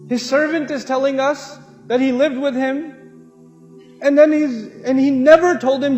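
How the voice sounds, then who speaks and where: A man preaching in a lively, humorous way, telling stories and swinging between loud and soft delivery. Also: very high voice, moderate pace, roomy sound, in a large hall, soft background music. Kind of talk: lively religious talk.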